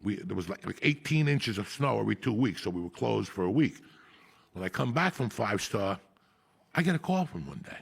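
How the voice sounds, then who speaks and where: A man, hosting a podcast and telling a profane, animated story. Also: on the low side, fairly quick, vocal fry, slightly rough. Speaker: podcast host. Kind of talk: storytelling chat.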